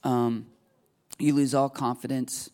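A man's voice: mid-range voice, little pitch movement, slow pace, a little mellow. A man in his thirties preaching a sermon as a pastor, earnest and confessional, acting out quoted prayers.

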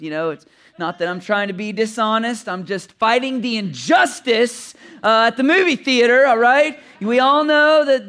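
A pastor in his thirties preaches with a chatty, joking delivery and keeps turning to the audience with questions. His voice sits fairly high and comes across smooth and resonant. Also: fairly bright tone. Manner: conversational and humorous, asks the audience questions, often chuckles. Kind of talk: sermon with personal storytelling.

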